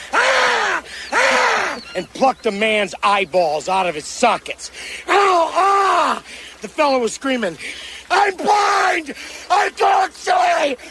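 A gravelly, shouting frontier trapper. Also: male voice, very high voice, very noisy, exaggerated voice. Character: blustering male frontier trapper spinning gory animal tales. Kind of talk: comedy film dialogue. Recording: film clip with music behind.

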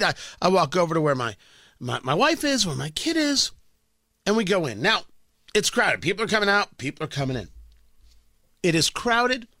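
A middle-aged man from the New York and New Jersey area, a radio host telling a self-mocking story in an animated way. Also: sits high, no echo, studio quality. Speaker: radio talk show host. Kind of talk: radio monologue.

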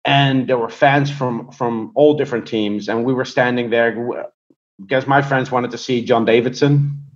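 Male guest, conversational and hesitant, even middle pitch, dull lo-fi recording. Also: moderate pace. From Europe. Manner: hesitant, many fillers and restarts. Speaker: guest, hockey prospects analyst. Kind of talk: casual conversational storytelling and analysis.

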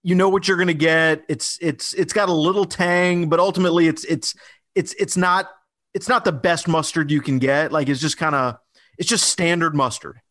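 Higher-voiced man chatting on a podcast. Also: steady tone, normal speed, a bit bright. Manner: conversational, many fillers and restarts. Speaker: podcast co-host. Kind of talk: casual podcast chat.

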